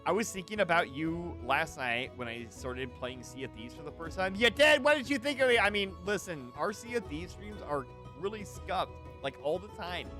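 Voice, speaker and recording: A man's voice: sits high, very animated, normal speed, hardly any pauses, sharp tone, soft background music. A man hosting a game stream, chatting playfully with a co-host and reading chat aloud.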